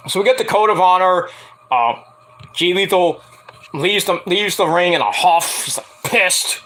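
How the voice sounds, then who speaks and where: Bright-voiced rambling male reviewer. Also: on the high side, slight background noise. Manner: rambling, profane, with many fillers. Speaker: wrestling show reviewer. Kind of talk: casual spoken review.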